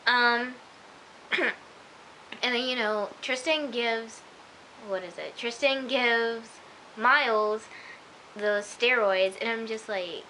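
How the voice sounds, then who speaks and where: A woman's voice: on the high side, takes it slowly, long pauses, sharp tone, a little hiss or hum, poor audio. A woman chatting casually to camera at home, rambling with lots of "like" and "oh my gosh" as she reviews an episode. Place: at home, in pajamas.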